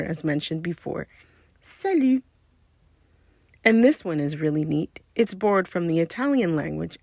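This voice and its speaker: A woman narrates a French lesson at an unhurried pace, with a gravelly, creaky edge to her voice. She spells out and stresses each phrase with care. The sound is dry and close, with no room around it. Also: on the low side, a little mellow, no room sound. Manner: slow, careful, spells out and stresses French words. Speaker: French teacher.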